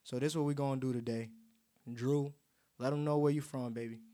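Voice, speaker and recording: A man's voice: medium pitch, fairly even intonation, brisk, dark tone. Upbeat young male podcast host. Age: young adult. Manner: upbeat, hype-man slang. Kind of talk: casual podcast chat. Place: table indoors with drinks.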